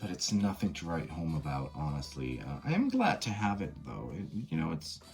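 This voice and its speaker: A man's voice: very deep voice, wildly swooping pitch, brisk, darkish tone, faint music behind. A man casually reviewing a tarot and oracle deck, candid and blunt, swearing and using lots of fillers.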